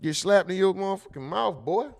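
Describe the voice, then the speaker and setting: Streamer type: high-pitched man, animated and loud in bursts, casual chat-reading host. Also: brisk, vocal fry. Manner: animated, loud bursts, mimics people in quotes, laughs. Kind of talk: casual live stream commentary.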